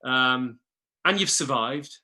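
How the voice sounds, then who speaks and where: Bright-voiced man, hesitant and repeating. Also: mid-range voice, lively intonation, takes it slowly. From England. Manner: hesitant, repeats words at the start of phrases. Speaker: guest, former Olympic rower. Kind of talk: casual conversation.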